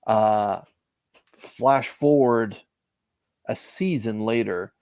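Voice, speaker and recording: Man, middle-aged, from Canada, gravelly voice, dry close sound, reflective storytelling. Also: fairly low pitch, darkish tone, no room sound. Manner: measured, reflective storytelling with frequent "uh" pauses. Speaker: interview guest, comic collector. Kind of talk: casual storytelling interview.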